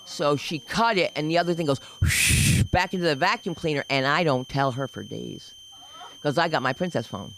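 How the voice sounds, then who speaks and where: A woman doing stand-up comedy on a club stage, telling stories in a lively, swooping way and throwing in shouted sound effects. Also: sits low, normal speed, slight background noise, poor audio.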